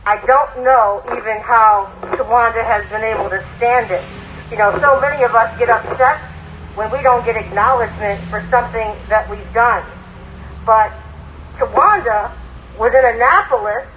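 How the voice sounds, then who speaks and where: A woman state senator addresses an outdoor protest rally. She speaks in a measured, deliberate way and builds her emphasis as she goes. Faint noise sits behind her voice. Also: a little high, fairly bright tone, poor audio. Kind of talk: political rally speech.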